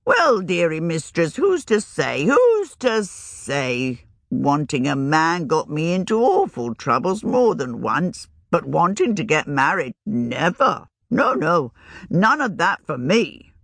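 A woman voicing a shrewd, earthy old village witch who talks in a rustic, old-fashioned country way, her pitch raised and wavering. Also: very animated, a little slow, vocal fry, no room sound, studio quality, exaggerated voice. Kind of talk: audiobook reading.

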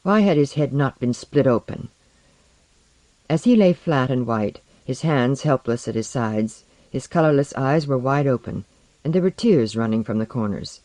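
A man narrating a story aloud in an expressive, dramatic reading style. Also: medium pitch, normal speed, no echo, low-quality recording. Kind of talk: audiobook narration.

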